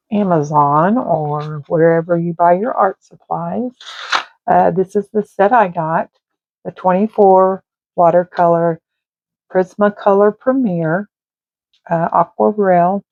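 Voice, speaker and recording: A woman, chatting and rambling casually while she colors, sometimes drifting into murmurs. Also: fairly low pitch. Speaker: art channel host. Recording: tinny phone-like dry sound.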